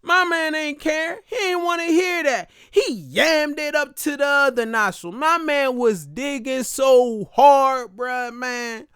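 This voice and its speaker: A young man telling a comic story in an animated, exaggerated, slang-heavy way with dramatic pauses. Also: very high voice, dry recording, studio quality. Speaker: comedian vlogger.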